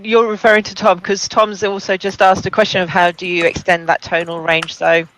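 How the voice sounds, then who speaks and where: A man with a high voice hosts a podcast and keeps the talk moving with short, friendly remarks. His sound is dry and close, with no room around it. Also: level tone, fairly quick, a bit bright, dry recording, rough recording. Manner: brief, friendly interjections. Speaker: podcast host. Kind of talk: casual chat.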